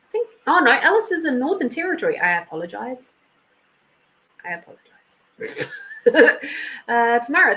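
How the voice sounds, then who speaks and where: A woman's voice: on the high side, bright, forceful tone, a little hiss or hum, rough recording. An Australian woman hosting a casual live stream, chatty and laughing often as she thanks viewers by name. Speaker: intuitive reader and live stream host.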